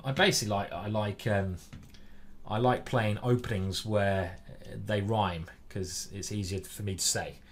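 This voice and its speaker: A man's voice: lowish voice, slight background noise. Chatty man streaming a chess game. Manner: chatty, reads viewer chat aloud. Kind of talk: live-stream commentary while playing.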